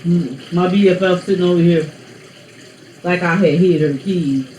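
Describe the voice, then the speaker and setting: A woman's voice: lowish voice, normal speed, warm tone, roomy sound, a little hiss or hum, low-quality recording. A woman hosting her own vlog, chatting to viewers in a playful, rambling, teasing way. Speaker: vlog host. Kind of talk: casual chat to viewers.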